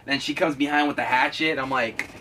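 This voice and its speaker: A man's voice: mid-range voice, fairly even intonation, fast, far from the mic, very noisy. A man hosting a podcast in casual chat, talking enthusiastically and rambling with restarts.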